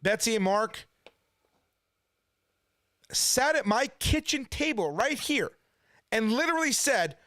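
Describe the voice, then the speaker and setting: A man's voice: extremely high pitch, very animated, takes it slowly, long pauses, sharp tone, no echo, studio quality. A man at home in his kitchen, ranting indignantly in casual commentary, firing off rhetorical questions. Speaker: preacher and channel host.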